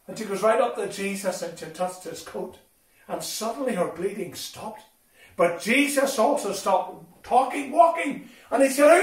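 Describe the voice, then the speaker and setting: Male assembly speaker, expressive storyteller for children; high-pitched, picked up from a distance in a big hall. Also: moderate pace. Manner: animated and expressive, addressing children directly. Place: school hall. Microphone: distant from the recording mic. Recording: echoey hall from far off.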